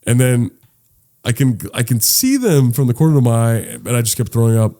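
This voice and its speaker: A fairly quick, mid-range male voice belongs to a young co-host of a casual podcast. His storytelling is animated and profane, with plenty of acted-out quotes.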